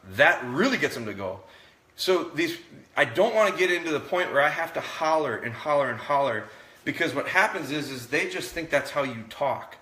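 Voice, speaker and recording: A man talking viewers through a live dog training session in a relaxed, explaining way, indoors. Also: a little high, normal speed, roomy sound.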